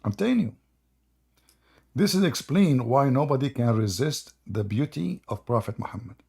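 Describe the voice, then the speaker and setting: A man's voice: mid-range voice, lively intonation, moderate pace, gravelly, darkish tone, husky. A man hosting a casual livestream chat, joking and mocking, with a tired voice. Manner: mocking, joking, laughs at his own stories. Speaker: host.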